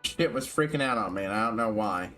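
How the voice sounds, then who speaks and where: A man's voice: fairly low pitch, expressive, a little fast, pushed and bright, faint music behind. A man streaming a video game, chatting casually, often swearing and stumbling over his words. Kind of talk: casual gaming commentary.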